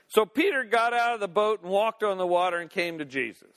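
Male pastor, folksy sermon delivery, fairly high voice, reverberant sanctuary. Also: brisk, a bit bright. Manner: folksy, with playful asides and laughter. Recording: long reverb of a church hall.

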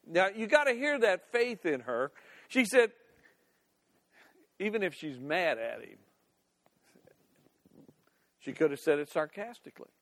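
A man's voice: high-pitched, big pitch swings, measured pace, long pauses, fairly bright tone. An older man preaching as a pastor. He reads scripture aloud, then talks it over in a conversational way and acts out the scenes in different voices. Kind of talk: sermon with scripture reading.

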